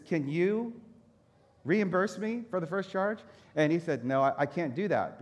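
A man who is a pastor, telling a personal story in a sermon and acting out his own reactions. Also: fairly high pitch. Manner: animated storyteller, acts out his own anger. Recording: echoey hall reverb.

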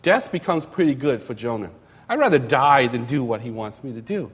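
A young adult man giving a sermon as a pastor, conversational and animated, with casual asides and repeated phrases. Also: mid-range voice, a little fast, breathy edge. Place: church sanctuary. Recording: reverberant church hall.

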